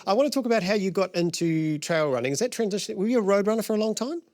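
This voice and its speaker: A man's voice: sits high, expressive, rapid-fire, darkish tone, no echo, clean studio sound. A man with a New Zealand accent hosting a live running podcast show, chatty and teasing. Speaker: podcast host.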